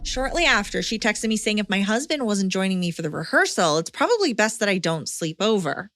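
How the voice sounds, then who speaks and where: A woman's voice: medium pitch, very animated, fairly quick, fairly bright tone, dry recording, clean studio sound, soft background music. A woman hosting a podcast, reading a listener's letter aloud and breaking in with blunt, swearing reactions. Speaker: podcast host.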